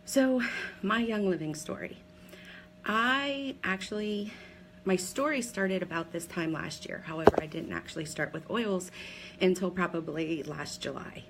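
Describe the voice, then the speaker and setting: A Pennsylvania woman in her forties, a direct seller, shares her personal story on a live video, chatty and candid, with lots of ums and self-directed laughs. Her lowish voice moves a little slowly against background noise.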